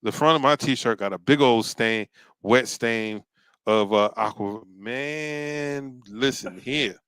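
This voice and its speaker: A man with a smooth, resonant voice recalls a childhood story in an easygoing chat. He speaks in relaxed, halting phrases full of fillers, and the recording is close and dry. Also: fairly low pitch, no echo.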